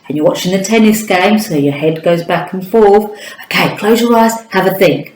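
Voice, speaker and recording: A woman's voice: fairly low pitch, normal speed. A woman from the United Kingdom teaching a children's phonics lesson, encouraging and speaking straight to a young viewer. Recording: echoey room.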